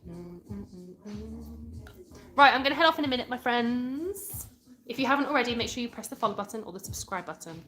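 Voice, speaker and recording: A woman's voice: fairly high pitch, fast talker, pushed and bright. A British woman from England in her thirties, chatting casually on a home live stream and answering viewer comments. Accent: British English. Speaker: livestream host. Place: indoors at home.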